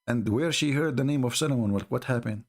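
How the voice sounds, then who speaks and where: A man whose first language is not English, giving a mocking, sarcastic monologue that jumps into high voices when he quotes people. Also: fast. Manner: sarcastic, mocking, animated retelling with bursts of laughter. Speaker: religious commentator.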